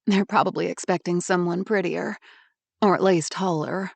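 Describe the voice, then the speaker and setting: A woman voicing a shy, petite young woman who speaks in a hushed, slightly raised voice. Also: fairly low pitch, fairly even intonation, moderate pace, vocal fry, no echo.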